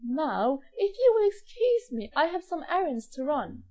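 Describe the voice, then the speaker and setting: A woman voicing a clever, polite male cat who talks his way into royal favour, in a slow, lively storybook reading. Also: high voice, voice pushed up. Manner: polite, persuasive, scheming. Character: clever, smooth-talking male cat in boots.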